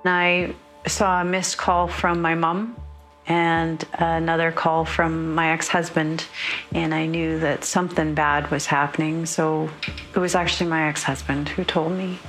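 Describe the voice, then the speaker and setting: A middle-aged mother speaking haltingly in an interview, restarting her sentences. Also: low voice, little pitch movement, fairly bright tone, faint music behind.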